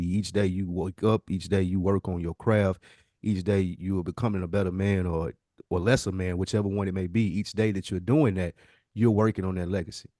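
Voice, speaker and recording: A man's voice: low voice, darkish tone, no room sound, clean studio sound. A man co-hosting a podcast, giving an earnest, reflective answer built on repeated phrases. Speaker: podcast co-host. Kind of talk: casual podcast talk.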